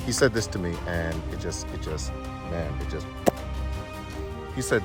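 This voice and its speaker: A man giving a motivational speech, telling a story with animated, emphatic delivery and acting out both sides of a conversation. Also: mid-range voice, fairly quick. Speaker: motivational speaker. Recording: music bed under speech.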